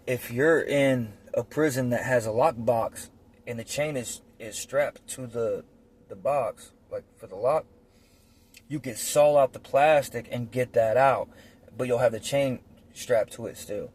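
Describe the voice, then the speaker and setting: A man's voice: mid-range voice, measured pace, darkish tone, breathy edge. A man telling prison stories in a blunt, profane, rambling way with lots of fillers, as a casual monologue recorded on a phone. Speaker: storyteller recounting prison life.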